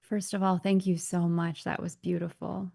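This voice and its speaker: Woman guest speaking in a flat tone. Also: on the low side, normal speed, creaky. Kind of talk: casual chat.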